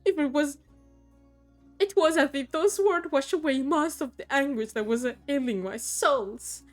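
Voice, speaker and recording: A woman's voice: sits high, unhurried, faint music behind, pitched above the performer's own voice. A woman doing a mournful undead man with a put-on accent. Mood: hopeful. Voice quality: dramatic, earnest delivery. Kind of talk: reading game dialogue aloud.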